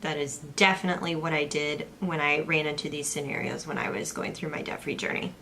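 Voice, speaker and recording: A woman's voice: low voice, steady tone, brisk, pushed and bright, a little hiss or hum. Chatty young woman talking through a budget. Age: young adult. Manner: chatty, walks through budget figures step by step. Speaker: personal finance vlogger, co-host. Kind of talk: casual chat.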